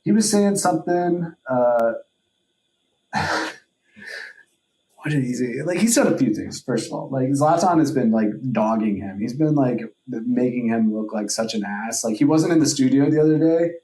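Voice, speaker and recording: A man's voice: mid-range voice, animated, moderate pace, warm tone. Rambling man in an echoey room. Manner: rambling, heavy on filler words, profane. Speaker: podcast co-host. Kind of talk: casual chat.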